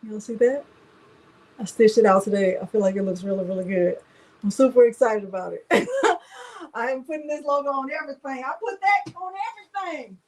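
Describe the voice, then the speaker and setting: A woman's voice: on the high side, fast, a little mellow, rough recording. A woman hosting a casual craft livestream, chatting and greeting viewers by name one after another.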